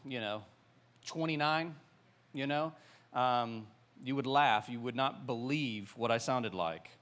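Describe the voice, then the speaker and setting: A man's voice: mid-range voice, slow pace, a bit bright. A man in his forties with a Southern American accent, a pastor preaching a sermon in a loose, conversational way full of fillers and restarts.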